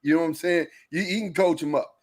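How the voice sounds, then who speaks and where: A man co-hosting a sports podcast, talking fast and loose, repeating phrases and jumping in over his partner. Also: fairly high pitch, steady tone. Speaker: podcast co-host. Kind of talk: casual sports chat.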